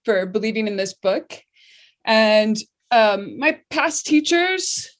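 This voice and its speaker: A woman's voice: fairly high pitch, animated, slow pace. Chatty woman opening an artist talk. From Western Massachusetts. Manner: warm, chatty, many restarts. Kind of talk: casual talk over video call.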